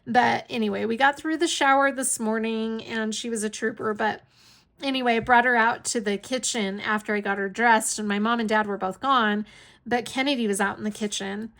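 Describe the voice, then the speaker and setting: A woman's voice: a little high, fairly even intonation, normal speed, fairly bright tone. A middle-aged woman at home, chatting casually as she tells a story and laughing often. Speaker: hobby vlogger, caregiver to her aunt.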